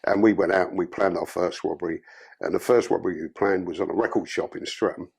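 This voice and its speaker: Gravelly London man telling his story. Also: fairly even intonation, fast, a little mellow. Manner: blunt, profane storytelling with swings in pitch. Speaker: podcast guest. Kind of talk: casual spoken life story.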